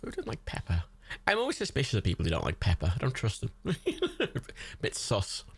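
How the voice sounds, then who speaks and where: A man's voice: fairly low pitch, huge pitch swings, a little fast, vocal fry, slightly rough. A man from Ireland hosting a livestream watch party, chatting casually, swearing a lot and laughing often. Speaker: livestream host. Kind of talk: casual chat during a movie watch party.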